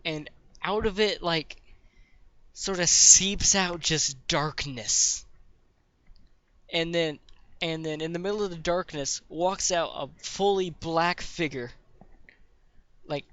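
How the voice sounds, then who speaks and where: A man's voice: fairly high pitch, pushed and bright, no echo. Guy gm narrating a tabletop game, rambly with lots of likes, kinda muffled dry audio. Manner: rambling, profane, many fillers. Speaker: game master. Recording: dull dry lo-fi recording.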